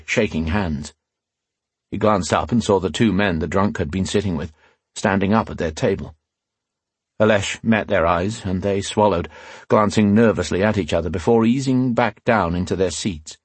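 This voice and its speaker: A man reads a fantasy novel aloud in a measured, dramatic way. His voice sits low with a husky grain. The recording is close and dry, with no room sound. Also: no echo. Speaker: audiobook narrator. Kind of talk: scripted fantasy narration.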